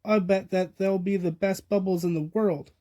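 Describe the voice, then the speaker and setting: A storybook reader plays a bumbling, good-hearted cartoon starfish, big and clumsy and not too bright. The voice is mellow and a little raised, slow and simple. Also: male voice, high-pitched, steady tone, pitched above the performer's own voice, lightly acted. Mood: goofy.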